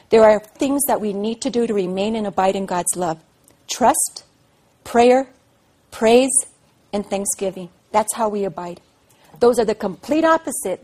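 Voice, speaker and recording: A pastor's wife giving an earnest devotional talk to a group of women, rising to fervent emphasis. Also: female voice, on the high side, warm tone.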